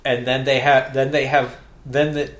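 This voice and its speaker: A man's voice: mid-range voice, little pitch movement, normal speed. Rambling man in an echoey room. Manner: rambling, restarts often, acts out quotes. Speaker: podcast co-host. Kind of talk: casual recap chat.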